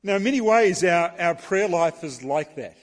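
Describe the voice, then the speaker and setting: A New man gives a sermon in a storytelling way, often restarting and saying "sort of". His voice sits a little high for a man. The sound carries a long hall reverb. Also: animated, normal speed. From New Zealand. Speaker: preacher.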